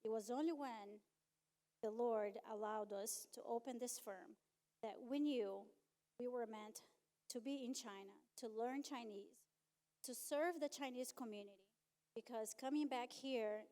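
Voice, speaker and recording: A middle-aged woman with a somewhat high-pitched voice shares her personal testimony as a conference speaker. She tells it as animated storytelling, acting out the dialogue with her husband and with God. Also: unhurried.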